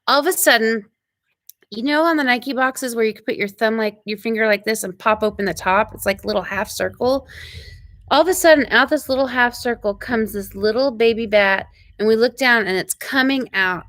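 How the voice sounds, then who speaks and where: Woman, ranch live-stream host, animated storyteller, bright tense voice, dry close sound. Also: on the high side, dry recording. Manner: animated, quick retelling with acted-out quotes.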